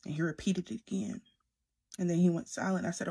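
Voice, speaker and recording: A woman's voice: lowish voice, fairly even intonation, a little fast, vocal fry, dark tone, breathy edge. Earnest woman giving a religious testimony. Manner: earnest and emphatic, repeating key phrases. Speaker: believer sharing a prophetic message. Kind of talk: personal religious testimony to camera.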